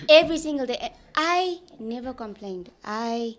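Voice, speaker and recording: A woman's voice: fairly high pitch, fast, few pauses. A young woman intern chatting casually in a studio, emotional and giggly, rambling with restarts. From South Africa. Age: young adult. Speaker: departing intern.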